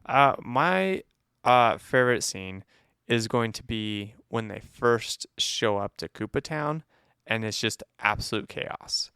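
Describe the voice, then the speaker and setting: A man's voice: medium pitch, animated, slow, pushed and bright, smooth, no room sound, clean studio sound. A man co-hosting a movie review podcast, chatting casually and teasing his co-host with a playful, laughing manner.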